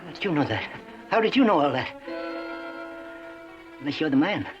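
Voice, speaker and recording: A man's voice: a little high, big pitch swings, moderate pace, over music. An actor playing a chatty, giggly backwoods man with rustic grammar, in a 1960s TV western. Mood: folksy. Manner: rustic grammar, chuckles, stammers. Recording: muffled old TV soundtrack.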